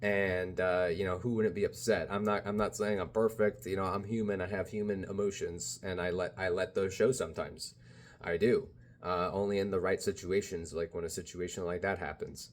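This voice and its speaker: Guy rambling on his vlog, kinda low voice, lots of "you know" and "bro". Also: fairly even intonation, normal speed. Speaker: spiritual vlogger. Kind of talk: casual rambling monologue.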